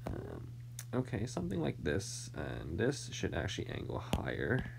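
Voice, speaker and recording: A man's voice: low-pitched, wildly swooping pitch, normal speed, gravelly, background noise. An American man thinking aloud while he draws, mumbling, trailing off into near-whispers and tossing in self-deprecating asides. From United States. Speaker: artist drawing on stream.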